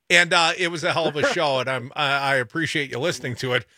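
Teasing radio host, bright forceful voice. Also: male voice, fairly high pitch, fast, hardly any pauses, dry recording, studio quality. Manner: teasing, ribbing a caller. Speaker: radio talk show host. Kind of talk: casual radio banter. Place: radio studio.

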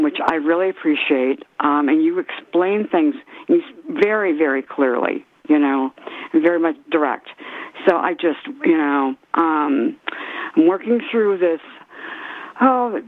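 A woman calling in to a radio talk show, halting with many fillers and restarts, her voice going hoarse. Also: sits low. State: losing her voice. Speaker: caller. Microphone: telephone. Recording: tinny phone line.

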